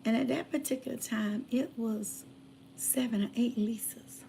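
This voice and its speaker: Gravelly woman telling a story. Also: fairly high pitch, steady tone, moderate pace, dark tone, slight background noise. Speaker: channel host. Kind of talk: casual storytelling chat.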